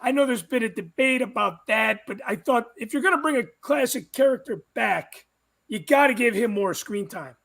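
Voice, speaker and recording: A man with a very high, bright voice guest hosts a casual chat. He rambles with frequent restarts and easy laughter while handing out his opinions. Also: animated, moderate pace, creaky. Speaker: guest host.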